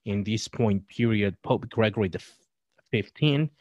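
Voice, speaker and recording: A man appearing as a podcast guest, talking in a halting, scholarly way with frequent restarts. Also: lowish voice, darkish tone, no echo, highs cut off. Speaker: guest, Catholic writer and presenter. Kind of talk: podcast discussion.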